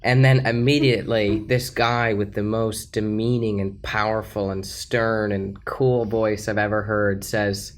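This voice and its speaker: A seventeen-year-old man co-hosting a casual podcast, excitable and quick to cut in on the others. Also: lowish voice. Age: teens. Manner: excitable, jumps in and cuts others off. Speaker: podcast co-host. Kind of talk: casual chat.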